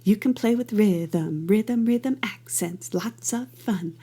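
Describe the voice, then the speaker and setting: Woman, middle-aged, dance teacher, slow delivery, gravelly edge, counts beats, playful rhythmic sounds. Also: mid-range voice, warm tone. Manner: enthusiastic, playful. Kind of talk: guided movement class.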